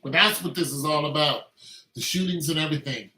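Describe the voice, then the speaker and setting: A man's voice: a little high, fairly quick, pushed and bright, reverberant, low-quality recording. A man delivering an opinionated monologue in an emphatic, repetitive rant. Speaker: commentator.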